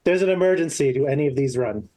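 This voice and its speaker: A man's voice: mid-range voice, expressive, fast talker, warm tone. A man playing a character in a tabletop role-playing game, chatting casually. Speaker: player.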